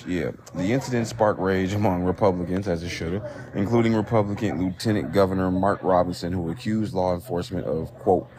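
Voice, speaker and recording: A man with a somewhat low voice hosts a solo podcast, reading news items aloud and breaking off into profane, disbelieving rants. He talks in rambling bursts, full of restarts. It is recorded on a phone. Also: a little mellow. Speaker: podcast host.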